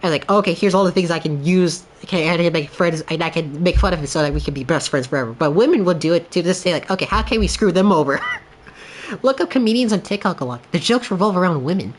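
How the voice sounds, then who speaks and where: A man chatting off the cuff during a game stream. He rambles through loose, filler-packed thoughts and laughs between them. He slips into quick voices when he retells a clip. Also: sits high, slight background noise. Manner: animated storytelling with quoted voices. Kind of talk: casual livestream chat.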